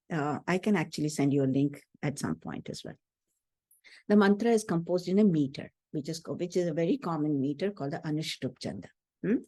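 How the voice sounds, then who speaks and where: A woman's voice: sits low, dark tone, no room sound. A middle-aged woman, giving an earnest spiritual lesson on chanting and often checking in with her listeners. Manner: earnest, explanatory, checks in with "hmm?". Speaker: teacher.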